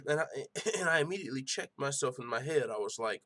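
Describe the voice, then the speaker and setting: A young man hosting a casual MMA show, ranting in an animated, profane way. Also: mid-range voice, fairly quick. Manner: animated, profane, excitable rants. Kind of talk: casual podcast commentary.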